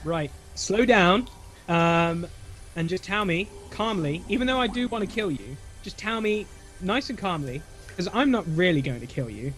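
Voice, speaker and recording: Animated man playing a tabletop game. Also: sits high, moderate pace, soft background music. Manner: animated, exaggerated mock anger. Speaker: player. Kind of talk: tabletop role-play.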